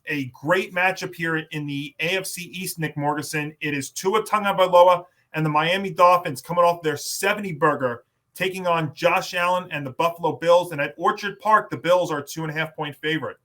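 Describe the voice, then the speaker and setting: A man's voice: fairly high pitch, fairly quick, few pauses, bright, forceful tone. A man hosting a sports podcast, moderating picks in a broadcaster-like manner. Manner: announcer-like, hands off between panelists. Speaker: podcast host.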